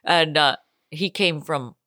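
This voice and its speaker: A woman co-hosting a podcast in casual, joking chat, playful and quick with a gag. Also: sits low, pushed and bright, dry recording, clean studio sound. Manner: joking, playful, bursts into a fast auctioneer voice. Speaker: podcast co-host.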